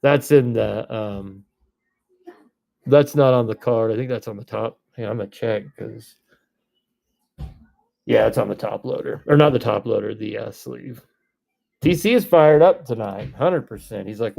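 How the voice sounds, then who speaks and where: A man, hosting a live card break stream, reading off names and breaking into excited shouts. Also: medium pitch, moderate pace, vocal fry.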